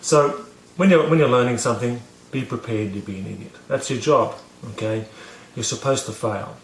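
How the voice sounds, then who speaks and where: A man's voice: medium pitch, normal speed, roomy sound, a little hiss or hum. A man casually telling a story to camera, rambling with many fillers and restarts, poking fun at himself. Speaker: vlogger teaching about learning.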